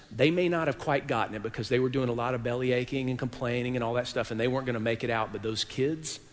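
A man preaching a sermon in a church, telling a story dramatically and swinging from hushed tones to loud peaks. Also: medium pitch, long reverb tail. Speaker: pastor. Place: church worship hall.

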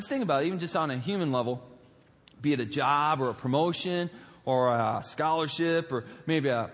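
A pastor preaching a humorous, story-driven sermon in a large auditorium, animated and jokey, with many fillers and asides. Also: male voice, a little high. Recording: long auditorium reverb.

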